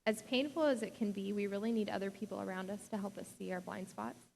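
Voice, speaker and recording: A woman's voice: medium pitch, fairly even intonation, fast talker, gravelly, a little mellow, long reverb tail, slight background noise. A young adult woman pastor giving a sermon in a casual, chatty way, full of "like" and small laughs. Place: church sanctuary.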